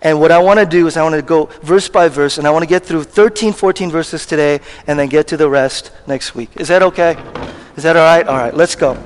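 High-voiced pastor preaching in a reverberant hall. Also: male voice, a little fast. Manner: conversational, emphatic, asks congregation questions. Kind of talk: sermon. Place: church hall with congregation. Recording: long reverb of a church hall.

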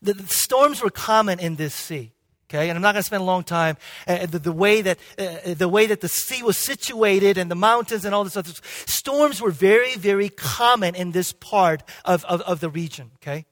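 A male pastor preaching a sermon with emphatic swings between loud and hushed delivery, and frequent restarts. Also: high-pitched, moderate pace. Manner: frequent restarts and "okay?" checks. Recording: long hall reverb.

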